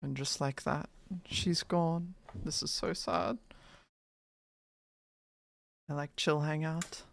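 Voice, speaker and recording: A woman streamer with a low, gravelly voice chats in a playful, teasing and goofy way. She talks slowly, and the sound is dry and close on a desk mic. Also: fairly even intonation. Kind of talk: casual live-stream chat.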